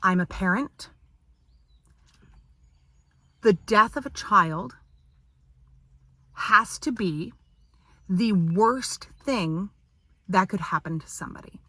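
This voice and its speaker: A woman's voice: mid-range voice, animated, slow, pauses often, sharp tone, dry recording. A woman vlogger ranting to camera in an indignant, exasperated tone, firing off repeated rhetorical questions. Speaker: parent and business owner.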